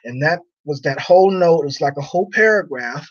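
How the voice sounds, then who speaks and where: A man's voice: on the high side, animated, fairly quick, lo-fi sound. A man chatting casually on a livestream in a rambling, teasing way, laughing often.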